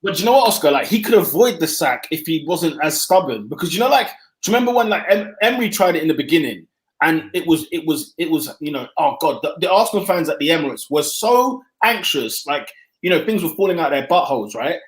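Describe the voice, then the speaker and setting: A young man co-hosting a football podcast, excitable and emphatic, stumbling over restarts. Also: fairly high pitch, fast. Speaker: podcast co-host. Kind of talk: casual football chat. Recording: roomy echo.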